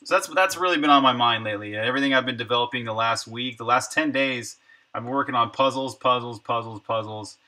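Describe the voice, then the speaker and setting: Game dev on a live stream, very bright cutting tone, muttering thoughts aloud as he works. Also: mid-range voice, fast talker. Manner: thinks aloud, trailing off and muttering numbers. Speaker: indie game developer streaming his work. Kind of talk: casual livestream chat while working.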